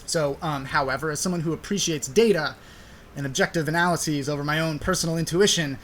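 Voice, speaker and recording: A man's voice: fairly high pitch, fairly quick, a bit bright, a little hiss or hum. A young man hosting a podcast, explaining a study in a casual, conversational way with frequent fillers. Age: young adult. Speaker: podcast host.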